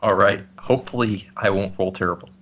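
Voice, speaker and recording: A man playing a tabletop game, talking in an animated, stammering way as he pleads his character's case. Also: deep voice, a little fast. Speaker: player. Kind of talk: casual game talk. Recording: muffled lo-fi recording.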